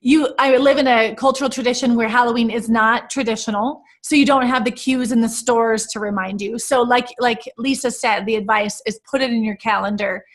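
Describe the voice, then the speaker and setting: An American woman hosting a relaxed conversation, her voice sitting on the higher side. She tells stories with lively, emotional energy and plenty of fillers. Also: brisk, few pauses. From United States. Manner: animated, emotional storytelling. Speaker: host. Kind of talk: casual podcast chat.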